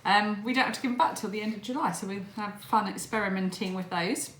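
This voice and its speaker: A woman's voice: medium pitch, fast talker, fairly bright tone, roomy sound, slight background noise. A woman from England, chatting casually in a home vlog and laughing often. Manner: chatty, laughs often, reads a long list. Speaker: vlogger. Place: home room at a table.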